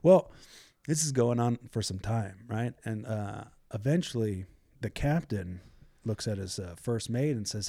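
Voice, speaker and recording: Animated storytelling man, mellow voice. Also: on the low side, measured pace. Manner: animated storyteller, acts out the people he quotes. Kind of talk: casual storytelling chat.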